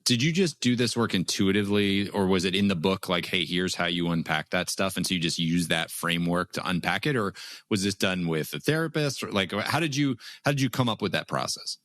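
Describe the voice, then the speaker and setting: A man's voice: low-pitched, brisk, fairly bright tone, no echo, studio quality. A man hosting a podcast, asking the guest curious follow-up questions. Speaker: podcast host. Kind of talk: interview questions.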